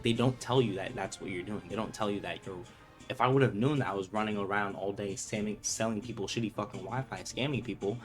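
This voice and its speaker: Young man, lowish voice, casual storytime, profane, acts out quotes, music in background. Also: fairly bright tone. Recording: music playing clearly behind.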